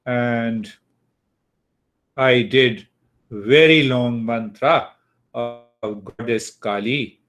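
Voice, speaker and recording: A man teaching an online class on mantras, speaking deliberately and checking in with his students. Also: mid-range voice, a bit bright, faint music behind. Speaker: spiritual teacher.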